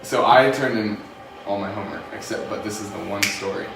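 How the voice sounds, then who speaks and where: A man's voice: fairly low pitch, brisk, vocal fry, a bit bright, a little hiss or hum. A young man co-hosting a casual podcast who laughs often and reacts to his friend's stories. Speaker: podcast co-host. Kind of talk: casual storytelling chat. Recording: echoey room, mic at a distance.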